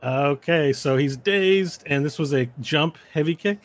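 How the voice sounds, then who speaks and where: A man's voice: a little high, a little slow. A man running a tabletop game as game master, checking rules and narrating the action in a playful way.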